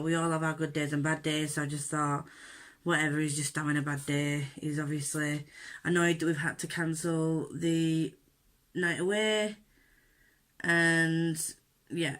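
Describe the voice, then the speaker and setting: A woman's voice: deep voice, little pitch movement, a little slow. Indignant woman ranting. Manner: candid, indignant storytelling with many fillers. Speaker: vlogger. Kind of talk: unedited get-ready-with-me rant. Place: at home, doing her makeup.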